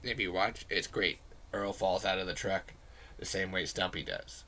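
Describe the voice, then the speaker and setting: A man's voice: low voice, moderate pace, pushed and bright, slight background noise. A man rambling earnestly to camera in a casual, profane commentary. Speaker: video creator.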